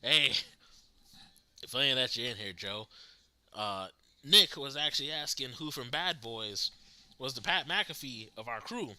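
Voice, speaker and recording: Casting note: lively male streamer, very bright tone, pitch swinging a lot, laughs easily, talks to his chat. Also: unhurried, long pauses, clear, resonant tone, no room sound. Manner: animated, laughs often, talks to chat viewers. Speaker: livestream host reacting to wrestling. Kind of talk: casual live reaction chat.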